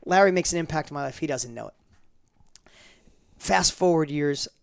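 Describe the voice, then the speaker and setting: A man telling stories as an interview guest, animated and full of tangents. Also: on the high side, moderate pace, creaky, smooth, no room sound. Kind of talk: storytelling in a casual interview.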